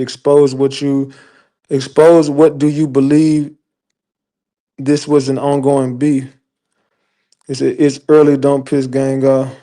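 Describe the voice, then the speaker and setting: This livestream commentator has a mellow, mid-range voice. He rants heatedly at his chat, swearing and speaking with heavy emphasis.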